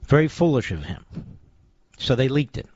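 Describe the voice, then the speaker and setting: A man's voice: mid-range voice, big pitch swings, moderate pace, a little mellow, husky, no echo, highs cut off. A male radio talk show host delivering a combative, sarcastic political monologue in short punchy phrases.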